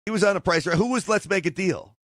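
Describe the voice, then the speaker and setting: A man hosting a call-in talk radio show, joking, bragging and riffing with animated asides into a studio mic. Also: high voice, quick pace, no echo. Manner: jokey, boastful, animated asides.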